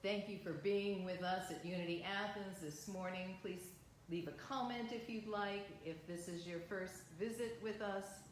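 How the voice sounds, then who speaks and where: A woman minister leading a guided visualization and closing prayer at a livestreamed service, speaking slowly, gently and upliftingly. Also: mid-range voice, fairly even intonation, very echoey, slight background noise, low-quality recording.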